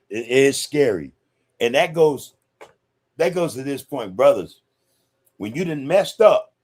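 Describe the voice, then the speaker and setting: A man's voice: medium pitch, darkish tone. A man hosting a casual livestream podcast and reading viewer comments. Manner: laid-back, laughs often, says "man" a lot. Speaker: podcast host reading live chat.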